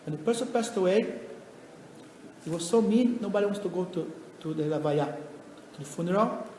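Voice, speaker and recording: A high-voiced man who is a rabbi, telling stories in a lecture and acting out each character with animated delivery. His voice rings in a roomy hall with a long reverb, and faint noise sits underneath. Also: normal speed. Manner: animated, acts out the people in his stories, non-native phrasing. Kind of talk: storytelling lecture. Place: lecture venue.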